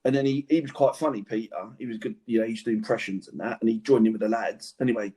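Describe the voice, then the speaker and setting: A man's voice: on the low side, fast talker, breathy edge. A man, a former footballer, telling slangy anecdotes on a podcast in a casual chat. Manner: animated anecdotes, laughs through stories, slangy.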